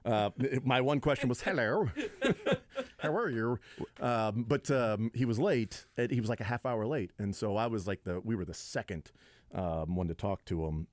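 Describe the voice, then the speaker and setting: A man's voice: normal speed, darkish tone, no room sound. A man co-hosting a casual sports radio talk show, jokey and prone to slipping into impressions. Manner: jokey, slips into impressions and high-pitched bits. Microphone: studio microphone.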